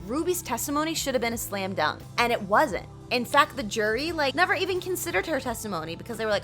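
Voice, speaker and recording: Bright chatty woman retelling history. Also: a little high, big pitch swings, quick pace, hardly any pauses, soft background music. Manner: chatty and profane, acts out every character's lines. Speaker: storytelling video host.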